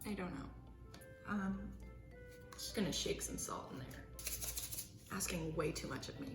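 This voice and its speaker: A woman's voice: fairly low pitch, lively intonation, unhurried. A young woman vlogging while she bakes at home, chatty, self-mocking and dramatic. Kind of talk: casual baking vlog chat. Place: home kitchen. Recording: echoey room with faint music.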